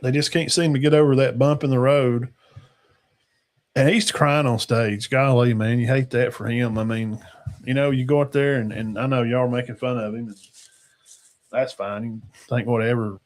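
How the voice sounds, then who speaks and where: A man's voice: mid-range voice, fairly even intonation, normal speed. Folksy man rambling about football. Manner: rambling, folksy, trails off into mumbles. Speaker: sports talk show host. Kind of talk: casual sports talk.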